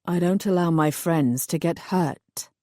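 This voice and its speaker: A woman voicing a kind, protective male fairy who speaks quietly and earnestly in an audiobook. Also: fairly low pitch, measured pace, dry recording, studio quality, lightly acted.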